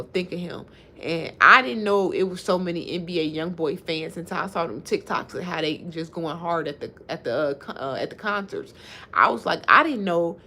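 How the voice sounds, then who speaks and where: A woman's voice: low voice, bright, forceful tone, a little hiss or hum. A woman in her thirties hosting a casual livestream, chatting and reacting to viewer comments, often laughing. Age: 30s. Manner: laughs often while talking. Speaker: livestream host.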